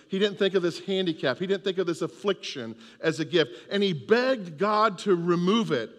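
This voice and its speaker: A man's voice: high voice, normal speed, few pauses, fairly bright tone, long reverb tail. A man preaching a sermon with an emphatic, repetitive cadence. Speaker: pastor.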